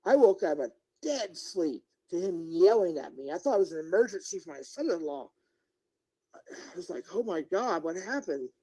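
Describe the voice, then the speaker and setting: A man's voice: sits high, big pitch swings, normal speed, dark tone, rough recording. A middle-aged man live-streaming as a YouTuber, ranting indignantly and talking straight to his viewers and chat. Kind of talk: unscripted livestream rant.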